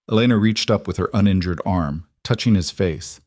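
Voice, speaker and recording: A man with a low voice narrates a romance audiobook in a smooth, even storytelling manner. The recording is dry and close, with no room sound. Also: normal speed, no room sound.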